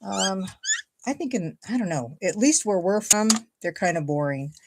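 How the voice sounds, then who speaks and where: A very noisy clip of an Ohio woman hosting a casual crafting livestream, talking at a normal speed with a medium pitch and lively intonation. Chatty and thinking aloud, she cuts and glues as she makes a paper card.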